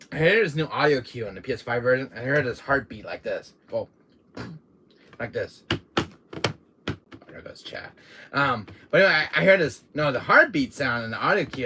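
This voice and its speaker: Male streamer, bright tone and lively pitch, laughing and swearing as he tells the story. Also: slightly rough. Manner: laughs often, swears, animated retelling. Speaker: game streamer.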